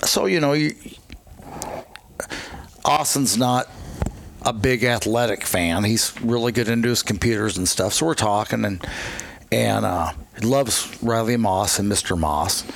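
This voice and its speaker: An older man and grandfather, a guest telling rambling stories in casual chat, blunt and quick to swear. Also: on the low side, gravelly.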